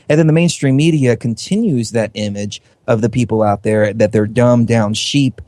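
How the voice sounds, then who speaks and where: A man, a guest on a talk radio show, making an earnest, steady argument. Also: on the low side, moderate pace, few pauses, dry recording. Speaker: fellow radio host, guest. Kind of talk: casual talk radio chat.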